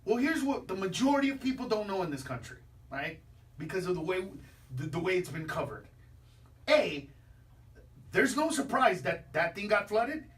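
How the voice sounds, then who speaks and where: A man comedian rants through his bits in a brash stand-up manner, jumping up into shouts for the punchlines. His voice sits a little back from the microphone in a radio studio. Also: high voice, very animated, moderate pace, recorded from a distance. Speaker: comedian guest. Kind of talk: stand-up style radio chat.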